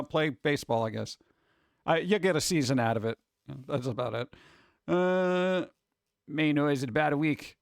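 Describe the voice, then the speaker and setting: A man's voice: on the high side, clear, resonant tone, no room sound, studio quality. Rambling, joking man streamer. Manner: rambling, jokey, muttering asides. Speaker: streamer host reading chat. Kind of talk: casual live-stream chat.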